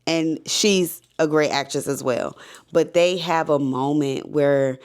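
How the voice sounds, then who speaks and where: A woman with a low, clean-toned voice speaks slowly as she reviews a TV series, chatting casually with viewers. She's an enthusiastic, chatty vlogger who calls her audience "y'all" and "baby."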